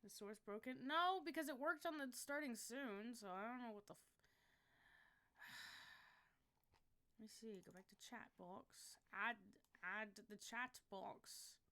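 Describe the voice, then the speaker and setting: Bright, excitable woman streaming. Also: a little high, slow pace, pauses often. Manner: excitable, swears freely, yelps when frustrated. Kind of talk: casual livestream chat.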